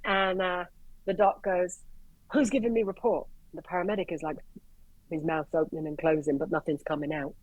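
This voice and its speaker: Blunt, animated Irish woman telling stories. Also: deep voice, brisk, no room sound, narrow, tinny audio. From Ireland. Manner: animated, blunt, swears freely, acts out quotes. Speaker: paramedic guest. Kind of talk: casual storytelling.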